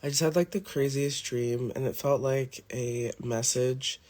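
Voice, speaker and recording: A man in a medium pitch, talking loosely with lots of "like" and "um." He has just woken up and chats in a rambling vlog style. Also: steady tone, unhurried, a little mellow. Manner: rambling, heavy use of "like" and "um". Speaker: vlog host. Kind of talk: casual rambling vlog chat.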